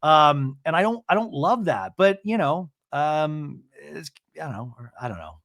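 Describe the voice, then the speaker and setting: A man hosts a podcast, giving a gossipy, chatty recap of reality TV. His voice sits a little high and swings lively between phrases. The sound is close and dry. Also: a little slow, no room sound. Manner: animated, chatty, with frequent fillers. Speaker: podcast host.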